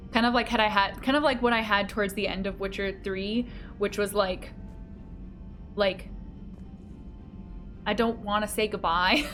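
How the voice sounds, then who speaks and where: A woman's voice: a little high, a bit bright. A woman streamer chatting casually with her live chat, giggly and playful as she reads messages aloud.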